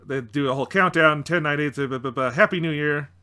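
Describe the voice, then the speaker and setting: A man co-hosting a comedy podcast, reading a fan story aloud and riffing on it with animated, amused commentary. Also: a little high, quick pace, smooth.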